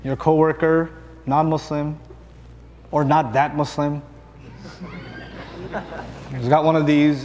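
A man with a notably high voice preaches in a long-echoing hall. He talks easily, cracks jokes, and keeps asking the crowd questions. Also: level tone, takes it slowly, long pauses, a little mellow, slight background noise. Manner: conversational, humorous, rhetorical questions to the audience. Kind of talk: sermon.

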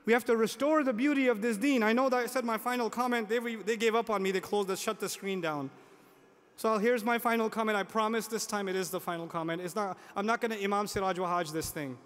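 A man's voice: high-pitched, a little fast, a bit bright, smooth. A man preaching a sermon to an audience, emphatic, repeating key phrases, asking rhetorical questions and making joking asides. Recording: long hall reverb.

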